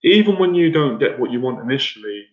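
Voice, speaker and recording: A dating coach gives a motivational talk, his medium-pitched voice swinging widely as he speaks quickly. He coaches the audience bluntly and rambles, repeating himself and restarting sentences. The echoey room gives it a dull, lo-fi sound.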